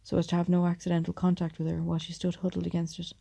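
This audiobook narrator reads steadily and at a measured pace. She has a very dark, gravelly voice pitched low, and her delivery stays flat and even.

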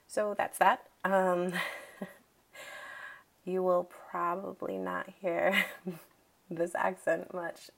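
A woman from Massachusetts with a Massachusetts accent, chatting casually through an accent tag video, relaxed and chuckling as she reads word lists. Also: on the low side, creaky. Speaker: audio recording creator.

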